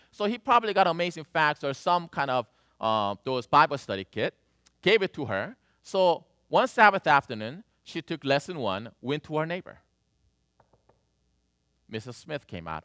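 A man preaching a sermon, telling a story with animated swings between loud and soft. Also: on the high side, normal speed, clear, resonant tone, no echo, clean studio sound. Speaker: pastor.

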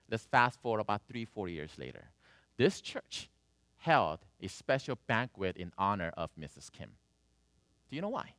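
A man preaching a sermon, telling a story with animated swings between loud and soft. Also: medium pitch, no echo. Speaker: pastor.

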